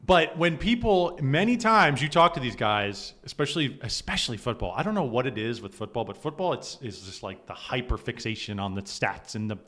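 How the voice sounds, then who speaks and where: Male streamer, mid-pitched, chatty and exasperated, reacts to clips. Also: a bit bright. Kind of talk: casual commentary.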